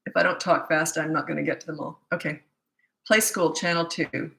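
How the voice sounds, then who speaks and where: Fast-talking older woman, echoey room. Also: deep voice, fairly even intonation, creaky, fairly bright tone. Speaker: parenting coach. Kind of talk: live-stream Q&A.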